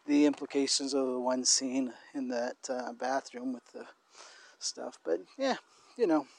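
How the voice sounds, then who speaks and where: A man talks through a casual podcast conversation at a middling pitch. His voice has a gravelly, creaky texture. He speaks thoughtfully and haltingly, often circling back to restart a phrase. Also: a little mellow, dry recording. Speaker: podcast co-host.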